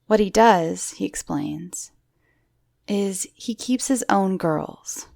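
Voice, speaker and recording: A woman's voice: on the low side, creaky, a little mellow, dry recording, studio quality. A woman host reading listeners' true horror stories aloud, with wry, swearing asides. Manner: wry, swearing asides between story lines. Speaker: horror story narrator.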